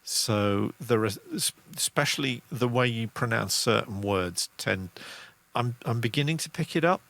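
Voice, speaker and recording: A man's voice: medium pitch, normal speed, gravelly, fairly bright tone. A middle-aged man with a Lancashire accent, hosting a casual livestream, rambling and restarting his sentences as he reads out chat comments. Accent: English, Lancashire with Midlands traces. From England. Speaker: livestream host, musician.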